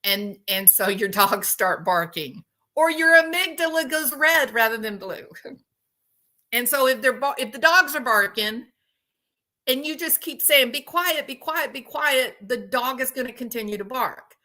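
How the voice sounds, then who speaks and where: A woman hosting a casual chat with her viewers, telling animated stories and laughing often. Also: on the high side, measured pace. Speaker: host.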